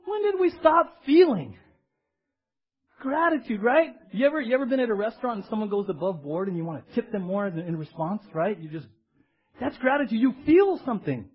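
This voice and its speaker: Male pastor, high and animated, husky edge; muffled lo-fi sermon audio. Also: quick pace. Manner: animated, emphatic, calls out to the congregation.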